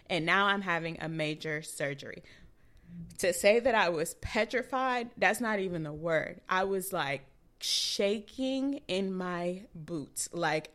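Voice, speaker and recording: A young woman chatting on a podcast, her voice jumping high when she acts out the people in her story. She talks casually and keeps the storytelling animated. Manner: animated, acts out quoted dialogue. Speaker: podcast co-host.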